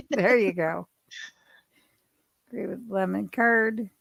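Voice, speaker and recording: A woman's voice: medium pitch, slow pace, gravelly, husky, dry recording. A woman hosting a livestream, chatting and reading viewer comments aloud. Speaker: livestream host. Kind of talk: casual livestream interview.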